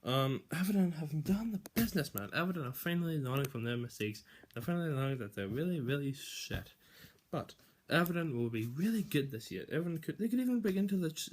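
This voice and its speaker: A man's voice: mid-range voice, a little mellow. A young man casually giving football predictions, rambling, swearing and restarting sentences often.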